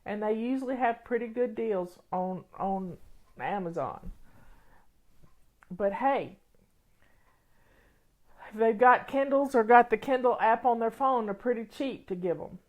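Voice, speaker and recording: A woman on a casual livestream, chatting with viewers and answering comments. She sounds sniffly and teary, and her talk rambles with frequent restarts. Her voice sits a little on the high side. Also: animated, measured pace, pauses often, dull audio. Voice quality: emotional, sniffly, tearful. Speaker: livestream host.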